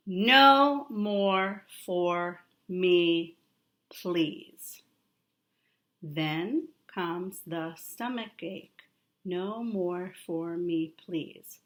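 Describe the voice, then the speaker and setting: A woman teaching a young child a remote lesson, drawing out words and repeating them with steady encouragement. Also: on the low side, echoey room. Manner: slow, drawn-out, encouraging teacher talk with repetition.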